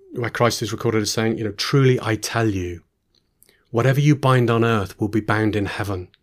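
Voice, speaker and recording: A man giving a Bible teaching, reading verses aloud and then explaining them with informal asides and restarts. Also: fairly low pitch. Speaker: preacher.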